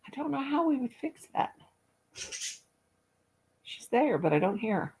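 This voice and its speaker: A woman's voice: high-pitched, very animated, measured pace, a little mellow, husky. A woman hosting a casual livestream, chatting and thinking aloud while she fiddles with settings. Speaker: livestream host. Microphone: laptop or phone mic on a live call.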